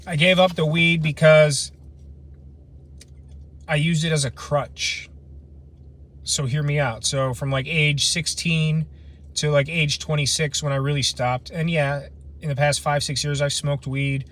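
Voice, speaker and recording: A man's voice: a little high, steady tone, moderate pace, a bit bright. A man in his late twenties hosting a casual camping livestream, rambling and slangy while chatting with viewers outdoors at night. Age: late 20s. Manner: loose, rambling, slangy and self-deprecating. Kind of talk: casual live chat reading comments. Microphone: phone livestream.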